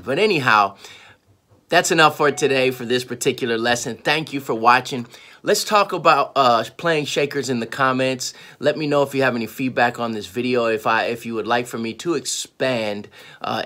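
A man gives a casual music lesson in an easygoing, loose way, circling back and restarting his sentences as he explains. His voice sits in an ordinary middle pitch, with shakers rattling behind him. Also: normal speed. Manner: relaxed, rambling explanations with restarts. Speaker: music teacher. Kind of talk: casual instructional talk.

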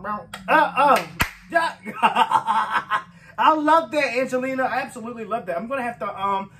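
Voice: mid-range voice, fairly bright tone. A music reaction host giving casual commentary, effusive and emotional, laughing often and talking straight to the viewers.

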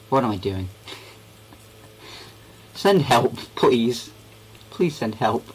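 A man's voice: medium pitch, unhurried, husky, poor audio. A young man giving goofy, rambling commentary while playing a game. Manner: goofy, rambling, talks to himself. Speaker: gaming video creator.

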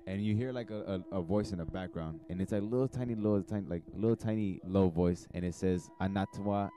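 Deep, mellow man telling a spooky story. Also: fast talker. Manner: rambling, asks "right?". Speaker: podcast storyteller. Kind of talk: casual storytelling.

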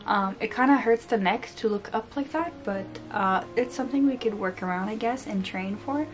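A woman's voice: fairly high pitch, normal speed. A tired, sleep-deprived woman with a French accent chatting casually while unboxing books at home, joking at herself and stumbling over words. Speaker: book vlogger. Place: home room with books on the floor.

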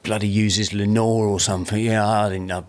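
A man in his fifties from South-East London with an English accent, a podcast guest telling his story in a rambling, animated way with lots of restarts and swearing. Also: lowish voice, normal speed. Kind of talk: casual storytelling.

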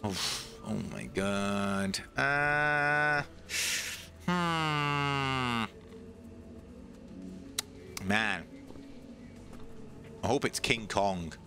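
A male streamer giving casual, joking gameplay commentary, excitable and dropping into goofy low voices now and then. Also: very slow, long pauses, soft background music.

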